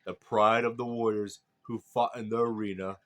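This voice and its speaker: A man's voice: lowish voice, little pitch movement, moderate pace, lightly acted. A man voicing a stern, proud young warrior god who speaks solemnly and firmly.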